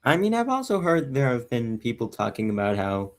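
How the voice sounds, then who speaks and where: A man's voice: medium pitch, sing-song, fairly quick. A man in a casual group discussion who speaks in a tentative, hedging way.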